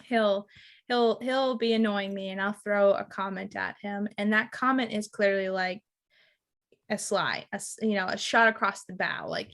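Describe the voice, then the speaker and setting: A woman's voice: mid-range voice, moderate pace, fairly bright tone. A middle-aged woman, a relationship mentor, speaking thoughtfully as a podcast guest and acting out little quoted lines. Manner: thoughtful, reflective, restarts and acts out quotes. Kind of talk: casual interview chat.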